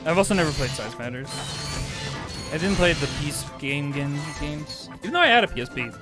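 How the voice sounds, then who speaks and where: A man streaming a video game live, chatting, swearing and jumping to excited high squeals. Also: brisk. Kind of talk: live gameplay commentary. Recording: game music under the voice. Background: game music.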